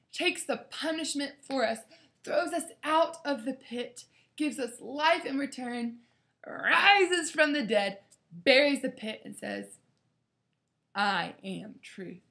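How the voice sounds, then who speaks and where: Woman, youth Bible study leader; earnest devotional talk, slightly high voice with a gravelly edge. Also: fairly bright tone. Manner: earnest, preaching, acts out quotes dramatically.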